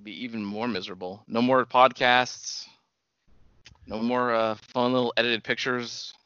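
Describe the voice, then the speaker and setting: A man's voice: mid-range voice, steady tone, measured pace, bright, forceful tone, clear, resonant tone, no echo, muffled recording. A man co-hosting a casual podcast, teasing his friend and laughing a lot. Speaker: podcast co-host.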